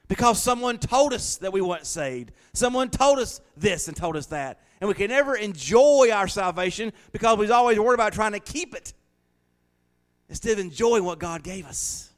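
Folksy man preaching. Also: high voice. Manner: folksy, joking, laughs often. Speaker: pastor. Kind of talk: sermon. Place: small church.

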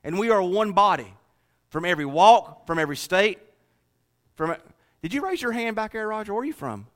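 A man's voice: high voice, expressive, brisk, fairly bright tone. A man from North Carolina with a Southern accent, preaching a folksy sermon to his congregation in church. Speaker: pastor.

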